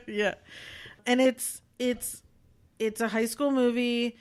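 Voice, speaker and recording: A woman's voice: fairly high pitch, fairly even intonation, slow. A woman co-hosting a podcast, reviewing a movie in a chatty, rambling way with many fillers. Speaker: podcast co-host. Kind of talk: casual chat, movie review.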